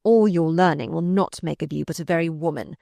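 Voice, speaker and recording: A woman's voice: low voice, gravelly, dark tone, dry recording, studio quality. A woman reading a sardonic mocking courtier. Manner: mocking, drawn-out. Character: sardonic older male courtier, mocking and malicious.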